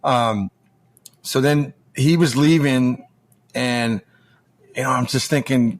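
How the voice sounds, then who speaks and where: Speaking at a middle pitch, a former pro hockey player in his forties who now coaches juniors tells loose stories as a podcast guest, rambling and restarting as he goes. He's unhurried, with long pauses, swearing freely and acting out the other voices in his stories. His delivery is casual and conversational.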